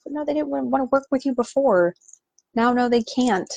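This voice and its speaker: A woman's voice: high voice, normal speed, gravelly, a little mellow, husky, dull audio. A woman hosting a casual podcast, ranting in an exasperated, sarcastic way with lots of "like". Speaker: podcast host.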